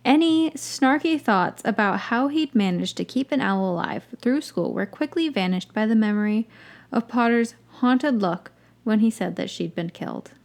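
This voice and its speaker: A woman's voice: fairly high pitch, lively intonation, moderate pace, a little mellow. Woman reading a story aloud, dry asides. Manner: wry, dry asides between passages. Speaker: podcast host reading fan fiction.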